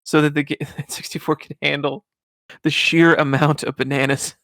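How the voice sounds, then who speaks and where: Gravelly, bright-voiced chatty man. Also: on the high side, moderate pace, dry recording, studio quality. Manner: animated storyteller, laughs often. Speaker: podcast host. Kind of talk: casual chat.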